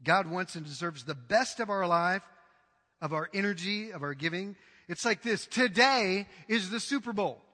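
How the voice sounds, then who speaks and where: A male pastor delivers an emphatic, dramatic sermon in a high, ringing, bright voice. His words echo with a long reverb through a church hall. He often breaks into acted-out quotes. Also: lively intonation, normal speed.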